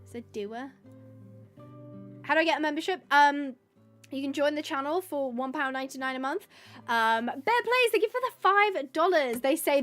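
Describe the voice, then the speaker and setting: A woman's voice: high voice, a bit bright. A woman chatting on a livestream in a bubbly, chatty way, thanking her viewers as she talks. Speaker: livestreaming gamer. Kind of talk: casual livestream chat.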